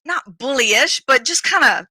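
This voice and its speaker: Woman host from louisiana, super bright voice, upbeat, dry close sound. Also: high-pitched, animated, a little slow, breathy edge, dry recording, poor audio. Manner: enthusiastic, encouraging. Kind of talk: casual live chat.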